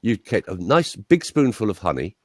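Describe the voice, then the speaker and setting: Man, low voice, animated pitch, dry sound, anecdotal voice coach. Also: moderate pace, slightly rough, no room sound. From England. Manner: chatty, anecdotal, emphatic. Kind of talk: interview guest, conversational storytelling.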